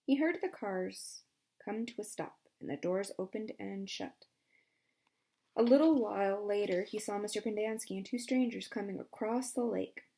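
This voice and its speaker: A woman's voice: normal speed, creaky. A woman reading a novel aloud as an audiobook, giving each character a voice of her own. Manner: shifts pitch and loudness for each character. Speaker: audiobook reader. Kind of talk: storybook narration with character voices.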